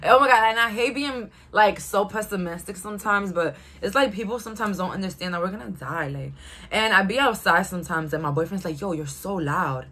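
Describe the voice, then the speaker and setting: Speaking in a bright, forceful, medium-pitched voice, this Brooklyn tarot reader in her twenties does a laid-back reading for her viewers. She's blunt, talkative, and quick to break into laughter.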